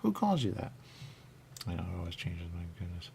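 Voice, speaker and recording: Brief: male talk-radio host, low husky gravel, rambling chat that swings up and down a lot. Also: big pitch swings, fairly quick, a little mellow. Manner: rambling, thinks aloud with many questions.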